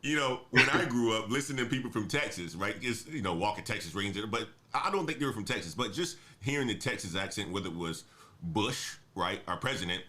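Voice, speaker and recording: A man's voice: lowish voice, lively intonation, a little fast, sharp tone. A man hosting a casual conversation, enthusiastic and repeating words as he builds up his points. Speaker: host.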